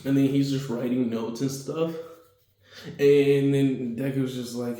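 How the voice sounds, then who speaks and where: A man casually retelling a fan story in a rambling way, full of fillers and quick voices for the characters. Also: mid-range voice, fairly even intonation, warm tone, very echoey.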